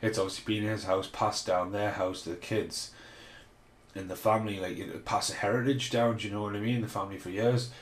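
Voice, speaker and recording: A man's voice: lowish voice, fairly even intonation, a little fast. A man hosting a casual film commentary podcast, rambling and swearing freely as he rants. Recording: roomy echo.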